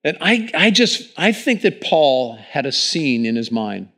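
A man preaching a sermon in church, talking into a microphone and swinging between hushed lines and loud ones. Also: a little high, sing-song, measured pace. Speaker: pastor.

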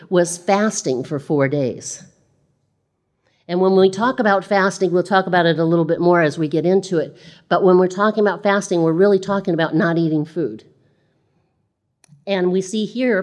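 A woman's voice: fairly low pitch, a little mellow. A woman preaching a sermon in a conversational way, reading scripture aloud and repeating phrases.

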